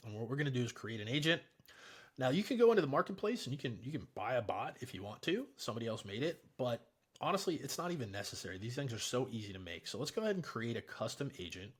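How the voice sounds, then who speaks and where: Husky-voiced man walking through software. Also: mid-range voice, very animated, fast. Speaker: software tutorial presenter. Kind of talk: casual screen-recorded tutorial.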